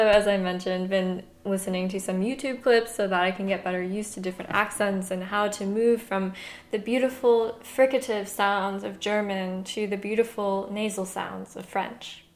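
An American woman hosting a casual language-learning vlog, chatty and laughing often, sometimes reading aloud slowly. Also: mid-range voice. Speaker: podcast host. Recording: echoey room.

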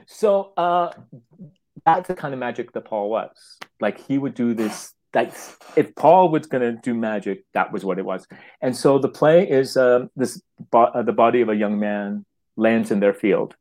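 A man from Canada, a guest telling a long story in an animated way, laughing often and restarting his sentences. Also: mid-range voice, normal speed, low-quality recording. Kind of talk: anecdotal storytelling.

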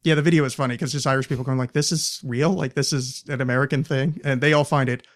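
A man's voice: mid-range voice, fairly even intonation, fast talker. A young man hosting a podcast, chatting casually in a rambling, sardonic way and swearing freely. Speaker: podcast host. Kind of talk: casual chat.

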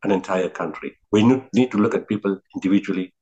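Earnest and reflective, a middle-aged South African-accented man who founded a relief organization tells stories as an interview guest. He speaks quickly in a mellow, lowish voice over dull audio, frequently restarting and repeating words for emphasis.

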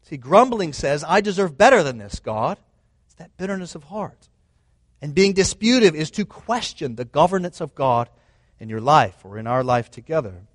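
A man's voice: on the high side, lively intonation, moderate pace, dry recording. A man preaching a sermon in an earnest, emphatic way, often restating his points. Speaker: pastor.

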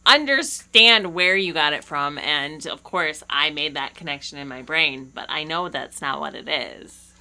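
Low bright-voiced dry woman. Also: a little slow. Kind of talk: casual podcast chat.

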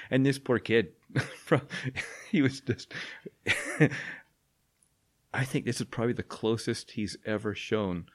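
Guy telling a funny classroom story, keeps laughing, middle pitch. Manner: laughs often while telling stories. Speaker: guest, math education professor. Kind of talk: storytelling in a podcast interview. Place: radio studio.

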